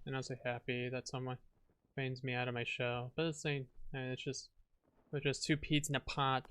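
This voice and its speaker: A man's voice: medium pitch, level tone, moderate pace, fairly bright tone, smooth, no room sound. A man casually commenting on a detective game he is playing, rambling and exasperated, often restarting sentences. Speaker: gaming streamer. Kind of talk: casual let's-play commentary.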